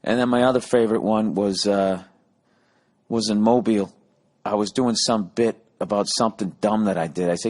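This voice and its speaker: A man's voice: on the low side, moderate pace. A man who hosts a podcast and tells stories in a casual, rambling monologue, cursing often. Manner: profane, animated storytelling. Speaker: comedian and podcast host. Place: on the road while touring.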